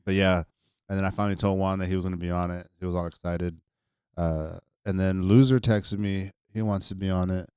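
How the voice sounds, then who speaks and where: A young man with a low, smooth voice chats easily on a podcast, spinning comedy-club stories in loose slang. The sound is close and dry. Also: level tone, brisk, darkish tone, no room sound. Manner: laid-back storytelling with frequent slang. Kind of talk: casual podcast chat.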